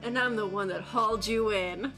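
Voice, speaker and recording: A woman's voice: medium pitch, moderate pace, music in the background, close to an everyday voice. Woman doing a smug brooding prosecutor.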